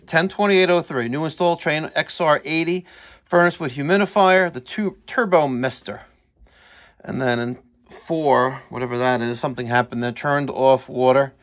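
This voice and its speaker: A man's voice: on the high side, normal speed, a bit bright. A man working as a heating technician, explaining a furnace's parts step by step in a chatty on-site walkthrough in a house basement. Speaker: HVAC technician.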